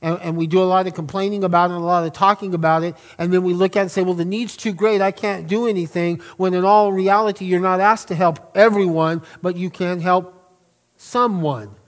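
Emphatic pastor, high voice. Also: male voice, fairly even intonation. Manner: earnest, emphatic, drawn-out key words. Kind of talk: sermon.

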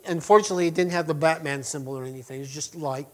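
A man preaching a sermon to his congregation, chatty and full of asides, who swings between loud emphatic passages and quiet, hushed lines. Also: fairly high pitch, very fast. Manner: conversational with restarts and asides to the congregation. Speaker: pastor.

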